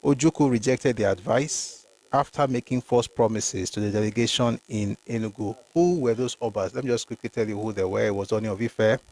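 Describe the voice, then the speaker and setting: On a history livestream, a man with a lowish, darkish voice speaks a little fast as he reads documents and comments on them emphatically. He addresses viewers by name and weaves Yoruba phrases into his talk.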